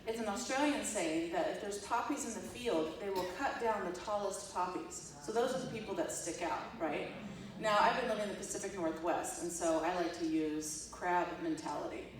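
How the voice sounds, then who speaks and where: A woman's voice: medium pitch, normal speed. A woman, giving a conversational keynote talk and acting out the quotes as she tells stories. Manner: animated storytelling, acts out quotes. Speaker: keynote speaker, professor. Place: large echoey hall. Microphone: distant room mic. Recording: echoey hall, distant mic.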